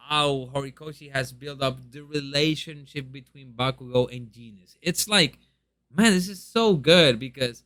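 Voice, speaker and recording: A man's voice: a little high, bright, forceful tone, clear, resonant tone, no echo. A young man chatting casually and eagerly in a review, with lots of ums and restarts. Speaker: manga reviewer.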